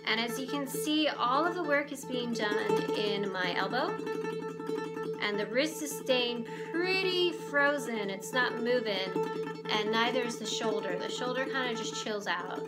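A young woman giving a relaxed, chatty ukulele lesson, often pausing to search for words. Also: fairly high pitch, loud music behind the voice. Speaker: ukulele teacher. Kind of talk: casual instrument tutorial. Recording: clear ukulele playing behind the voice.

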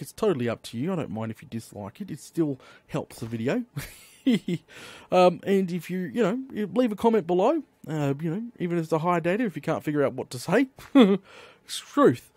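Excitable man narrating his gameplay. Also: fairly high pitch, fairly quick, no echo. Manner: excitable, chatty, talks to himself as he plays. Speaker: gaming channel host. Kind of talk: Minecraft let's play commentary.

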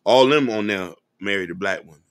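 A man's voice: fairly low pitch, brisk, dry recording. A man hosting a podcast, giving an earnest, impassioned commentary monologue that speaks straight to his listeners. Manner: earnest, direct, addresses listeners as y'all. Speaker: podcast host.

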